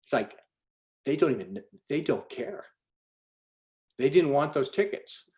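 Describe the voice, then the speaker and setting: A middle-aged man, a speaker, telling a personal story on a group call in an animated, conversational way, with many fillers and restarts. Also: on the high side, unhurried.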